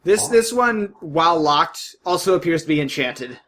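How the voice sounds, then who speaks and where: A man narrating a tabletop game as game master, relaxed and joking. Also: a little high, moderate pace, low-quality recording.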